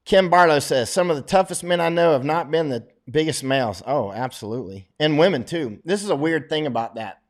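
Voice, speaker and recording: A man's voice: on the high side, lively intonation, fairly quick, hardly any pauses. A middle-aged man, a war correspondent, talking bluntly and boastfully in a casual livestream monologue, often chuckling.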